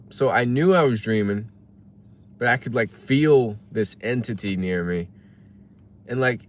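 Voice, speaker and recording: A man with a somewhat low voice chats casually on a livestream from his parked car while waiting for delivery orders. He muses aloud and reads chat messages, with a little hiss or hum audible.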